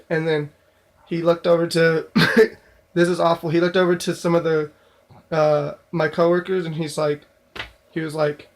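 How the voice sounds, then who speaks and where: In a vlog, a young man who works as a store clerk recounts something that happened at work at a normal speed. His voice is a little high and level, and the telling is loose and rambling, full of fillers and restarts.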